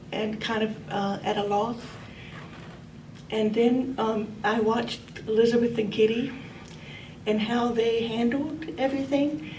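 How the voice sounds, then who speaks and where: An older woman telling a personal memory to a gathering, gentle and reflective, laughing at times. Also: fairly high pitch, slight background noise. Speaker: speaker sharing a memory. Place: meeting room. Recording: roomy hall audio from a distant mic.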